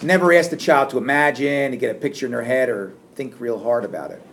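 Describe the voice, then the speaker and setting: A middle-aged man giving a classroom lecture, animated and acting out sarcastic lines as examples. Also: medium pitch, quick pace, a little hiss or hum. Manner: animated, acts out sarcastic quotes. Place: lecture room.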